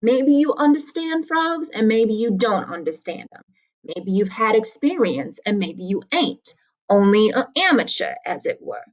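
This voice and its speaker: A woman's voice: a little high, sing-song, measured pace. A woman voicing a sly male frontier gambler who talks in an offhand, folksy drawl.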